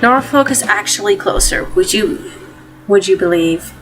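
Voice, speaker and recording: A woman voicing a commanding male police captain in a video game, attempting a gruff voice, with game music behind. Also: mid-range voice, lively intonation, normal speed, natural voice. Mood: brisk. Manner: gruff put-on voice she keeps dropping.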